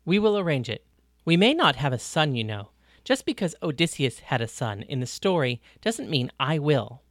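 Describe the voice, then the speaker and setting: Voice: mid-range voice, big pitch swings, normal speed, a bit bright, dry recording, clean studio sound. A reader voicing Odysseus, a friendly, earnest man, in an audiobook. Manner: earnest, puzzled questions. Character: friendly careful man, a guest at breakfast. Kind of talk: audiobook reading.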